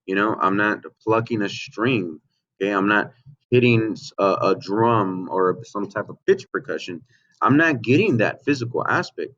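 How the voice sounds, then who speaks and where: A man's voice: lowish voice, expressive, normal speed, a bit bright. A man teaching a remote music lesson to children, explaining patiently and checking in with "okay?" and "right?". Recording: dull lo-fi home recording.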